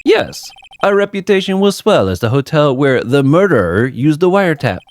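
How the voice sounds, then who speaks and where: A man's voice: on the high side, sing-song, moderate pace, pitched above the performer's own voice. A man voicing a smug, fawning hotel bellboy in a strange put-on accent, calling everyone sir. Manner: odd put-on accent, overly formal "sir".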